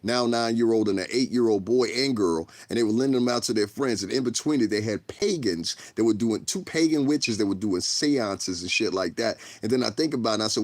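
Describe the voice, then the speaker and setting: A man's voice: medium pitch, lively intonation, fairly quick, no echo. A man giving a blunt, profane livestream rant, heated and rambling, repeating himself as he goes. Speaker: livestreamer and commentator.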